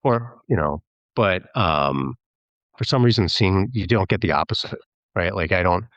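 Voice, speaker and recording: Brief: very deep male voice, talkative filmmaker guest, dry dull lo-fi sound. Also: animated, normal speed, fairly bright tone, no echo. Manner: chatty, rambling, slips into mimicking voices when quoting. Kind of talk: casual podcast interview.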